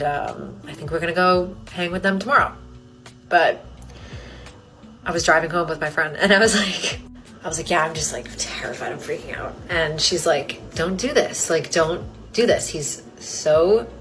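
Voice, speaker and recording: Young woman, casual vlog, low-ish voice, chatty, giggly, faint music. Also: fairly bright tone, low-quality recording. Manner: chatty, giggly, filler-heavy.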